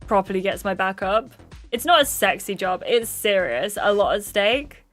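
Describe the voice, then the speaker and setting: A woman's voice: mid-range voice, lively intonation, normal speed, a bit bright, faint music behind. A woman streaming a story game, reading its dialogue aloud and chatting with her viewers, often apologizing for her slips.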